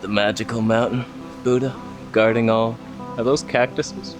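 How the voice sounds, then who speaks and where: A man's voice: medium pitch, fairly even intonation, moderate pace, music in the background. A man casually vlogging outdoors on a hillside, joking to himself and to the animals around him. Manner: jokey, talks to himself and the animals. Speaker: travel vlogger. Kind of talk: casual vlog narration.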